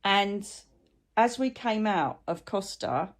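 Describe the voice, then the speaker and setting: Living with chronic illness and brain fog, a spiritual channel host rambles chattily through warm-hearted stories in a relaxed vlog. She takes it slowly, her medium-pitched voice carrying lively intonation.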